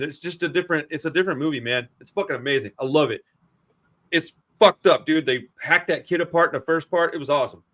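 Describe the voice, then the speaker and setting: A man in a casual film review chat, talking in an excitable, profane, slangy way. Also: on the high side. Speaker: podcast co-host.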